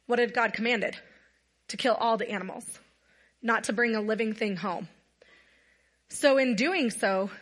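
A woman's voice: a little high, fairly bright tone. A woman giving a casual, earnest sermon to a gathered audience, telling a Bible story conversationally. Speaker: women's night speaker.

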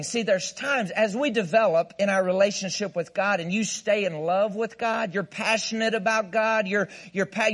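A man's voice: sits high, fairly bright tone. A man preaching a sermon as guest pastor, playful and emphatic, leading the congregation in call-and-response and bursting into mock laughter.

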